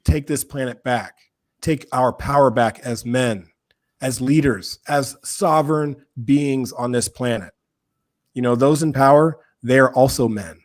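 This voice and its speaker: A man's voice: mid-range voice, unhurried. A man speaking as a guest on a podcast, earnest and preacherly, repeating phrases for emphasis. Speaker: podcast guest, men's work founder. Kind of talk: impassioned conversational talk. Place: podcast recording, remote or studio.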